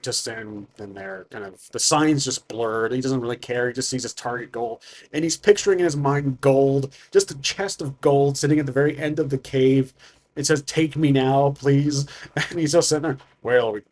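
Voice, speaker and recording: A man's voice: mid-range voice, normal speed. A man casually talking through a solo tabletop game, rambling with fillers and tangents.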